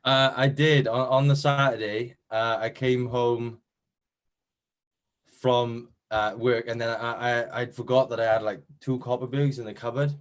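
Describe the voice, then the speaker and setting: A man's voice: mid-range voice, little pitch movement, a little slow. Chatty young Welsh man. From Wales. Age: young adult. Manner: modest, chatty, lots of fillers and restarts. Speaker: interviewee, competition winner. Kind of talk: casual chat.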